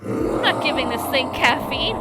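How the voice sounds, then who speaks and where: A woman streamer giving excitable let's play commentary, exclaiming often and laughing as she plays. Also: high voice, takes it slowly. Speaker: gaming streamer. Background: loud game music.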